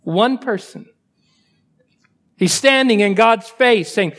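High-voiced pastor preaching with rhetorical questions. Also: male voice, slow, a bit bright. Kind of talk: sermon.

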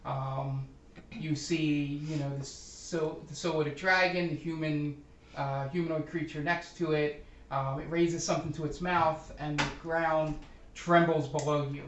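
Guy running a tabletop game, lots of ums, kinda high voice, roomy echo from far off. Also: fairly even intonation, measured pace, a bit bright, a little hiss or hum. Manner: hesitant, many ums while describing scenes. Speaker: game master.

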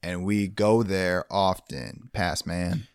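A man's voice: deep voice, fairly even intonation, clear, resonant tone, no room sound, clean studio sound, pitched below the performer's own voice. A man doing a dopey Future Man. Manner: slow, drawn-out, dopey delivery. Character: goofy time-traveling man from the future.

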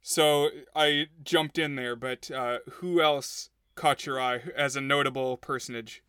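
A man's voice: mid-range voice, steady tone, a little slow, sharp tone, smooth, no room sound, clean studio sound. A man co-hosting a podcast, giving thoughtful, wry analysis in casual chat. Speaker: podcast co-host.

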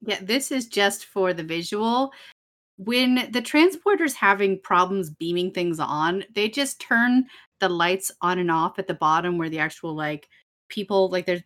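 A woman's voice: lowish voice, a bit bright. A young woman co-hosting a casual podcast, wryly describing costumes with sarcastic asides and frequent laughs. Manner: wry, sarcastic, laughs often. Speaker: podcast co-host. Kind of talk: casual chat recapping an episode.

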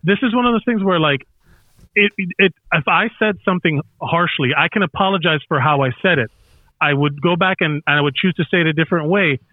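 A man's voice: on the high side, a little fast, no echo. A man co-hosting a casual podcast, arguing his point with lots of fillers and restarts. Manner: argumentative, hedging with fillers. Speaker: podcast co-host. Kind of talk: casual chat. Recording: tinny phone-like line.

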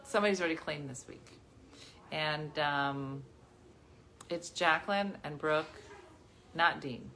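A woman in her forties hosting a casual chat with viewers from her living room, chatty and animated, jumping from topic to topic. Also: sits low, a little slow, long pauses, a little hiss or hum. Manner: chatty, animated, jumps between topics and laughs often. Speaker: livestream host.

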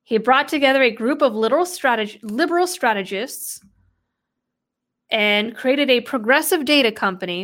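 Solo, a woman with a New England background reads out quotes from an article and responds with sarcastic, skeptical remarks, as a political commentator would. Her voice is slightly high for a woman, and her commentary flows steadily at a moderate pace.

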